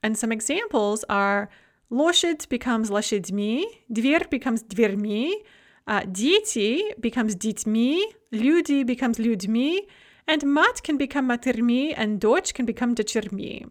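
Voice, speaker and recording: A woman with a slightly higher voice teaches a grammar lesson. She is clear and methodical, and she reads out pairs of example words one after another. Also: lively intonation, unhurried. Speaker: language teacher.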